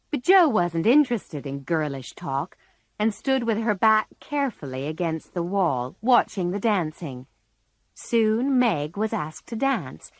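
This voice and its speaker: A woman narrating a storybook in a slow, careful reading for English learners. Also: lowish voice, dry recording.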